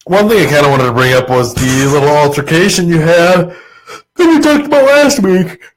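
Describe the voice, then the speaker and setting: A man's voice: on the high side, expressive, moderate pace, rough recording. A man joining a casual podcast as a guest, teasing and joking with the host. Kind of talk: casual chat.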